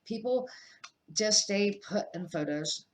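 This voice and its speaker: A woman's voice: medium pitch, expressive, slow pace, a little hiss or hum. An older woman voicing Harry, a polite eleven-year-old boy wizard, speaking hesitantly.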